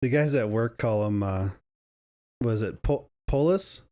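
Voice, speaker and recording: A man's voice: medium pitch, a little slow, mellow. A man co-hosting a casual podcast chat, rambling with frequent restarts and laughs. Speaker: podcast co-host.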